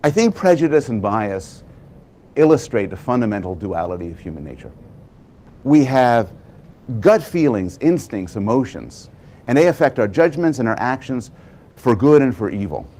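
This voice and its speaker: A man gives a prepared public talk with a lively, widely swinging pitch. He tells stories with dramatic pauses and builds each point toward a conclusion. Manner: animated storytelling with dramatic pauses. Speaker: public speaker.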